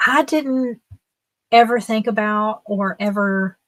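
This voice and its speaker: A woman's voice: mid-range voice, slow pace, fairly bright tone, dry recording. A woman in her fifties, a guest on a livestream, telling casual stories in a chatty way and laughing often. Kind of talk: casual storytelling.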